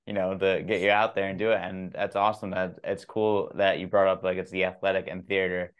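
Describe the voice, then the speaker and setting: A man's voice: low-pitched, little pitch movement, brisk, clean tone, highs cut off. A man hosting a podcast, asking questions in a rambling, easily impressed way. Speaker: podcast host. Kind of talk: casual podcast chat.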